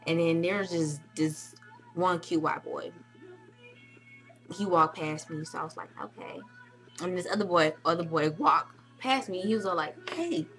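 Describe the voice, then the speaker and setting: A young woman excitedly telling a vlog story, acting out quotes with squeals and shouts. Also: fairly low pitch, normal speed, soft background music. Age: young adult. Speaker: vlogger recounting a club night.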